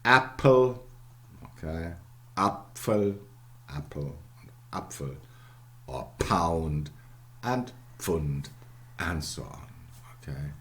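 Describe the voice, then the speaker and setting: Man, lecturer, slow deliberate delivery, animated intonation, repetitive teaching style. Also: sits low. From Germany. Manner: repeats words for emphasis, frequent "okay" and "yeah" checks. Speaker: university lecturer. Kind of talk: academic lecture.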